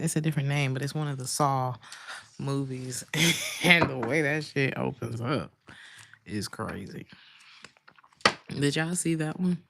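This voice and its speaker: A woman's voice: a bass voice, background noise. A woman giving a casual tarot reading, chatting with her viewers in loose, slangy speech and laughing often. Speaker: tarot reader.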